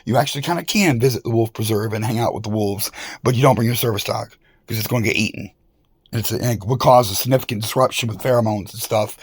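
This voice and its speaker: A man's voice: lowish voice, fast, breathy edge, dry recording. A man talking straight to the camera in a rambling, profane and confrontational monologue. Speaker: vlogger.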